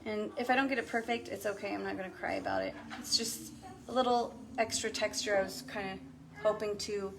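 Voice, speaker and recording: A woman's voice: medium pitch, fairly even intonation, brisk, vocal fry. A woman in her thirties hosting a casual crafting tutorial, chatting to viewers as she works. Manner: chatty, talks to viewers and her child while working. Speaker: craft video host.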